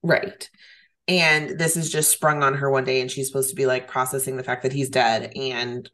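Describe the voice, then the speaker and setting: A woman with a notably low voice co-hosting a casual movie chat. She is blunt and opinionated, pausing often on ums as she builds her points. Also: flat delivery, fairly bright tone. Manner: opinionated, fillers like um. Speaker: podcast co-host.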